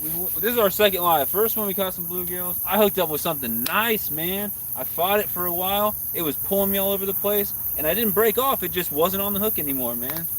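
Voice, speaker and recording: A man's voice: high-pitched, a little fast, hardly any pauses, fairly bright tone, recorded from a distance. A laid-back man talks easily beside the water at night, heard a little off the mic. Crickets and insects hum faintly behind him. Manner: easygoing, chatty, says man and bro a lot. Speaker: fishing livestream co-host. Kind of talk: casual chat on a fishing livestream.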